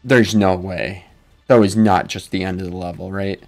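A man's voice: low-pitched, steady tone, moderate pace. A man casually commenting while he plays a game, laid-back and self-mocking, with mumbled asides. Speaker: gaming channel host. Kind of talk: casual let's play commentary. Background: faint game music.

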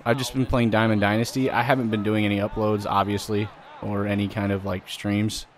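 A man hosting a gaming channel, giving loud, vulgar, excitable commentary while he plays. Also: fairly low pitch, brisk. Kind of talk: let's play commentary.

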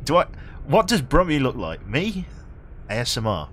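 A man's voice: fairly low pitch, wildly swooping pitch, a little fast, a bit bright, slight background noise. A young man with a Birmingham accent chatting casually with viewers while he streams a game, self-mocking, laughing often and swearing freely. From England. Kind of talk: casual live-stream chat while playing.

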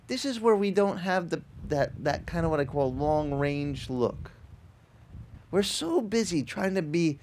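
A man's voice: high voice, a little mellow, slight background noise. A middle-aged man preaching as a pastor, telling stories casually with frequent restarts and swelling into emphatic encouragement. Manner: conversational storytelling, many restarts, rising to emphatic exhortation. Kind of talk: sermon. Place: outdoor beach service.

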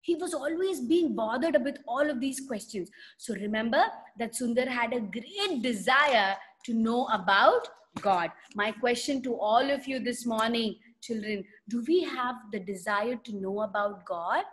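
A woman's voice: a little high, measured pace, few pauses. A woman telling a story to children on a video call, asking them questions and acting out voices as she goes. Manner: animated, asks children questions and acts out voices. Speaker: children's Sunday school teacher.

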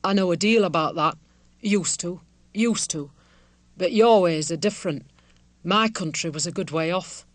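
A woman voicing a timid, lonely weaver in an audiobook, speaking quietly and hesitantly. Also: fairly low pitch, moderate pace, no room sound, natural voice. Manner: quiet, hesitant, soft-spoken. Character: timid lonely man, a reclusive village weaver.

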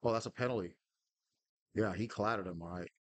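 Low, husky-voiced man calling his game. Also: fairly quick, no room sound. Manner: terse, calls out player names, swears when frustrated. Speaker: podcast host playing a football management game. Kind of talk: casual live commentary on his own game.

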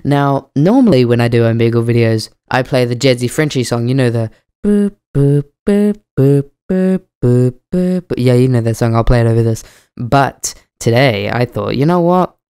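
A man's voice: mid-range voice, lively intonation, moderate pace, a little mellow, clear, resonant tone. A man hosting a video chat video, joking and playful. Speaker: host. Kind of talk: casual chat.

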